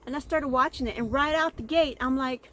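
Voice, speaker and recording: A woman's voice: sits high, fairly quick, bright, forceful tone, slight background noise. A middle-aged woman from Texas with a Texan accent, hosting a casual chat show and rambling as she stumbles over her words. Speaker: podcast host.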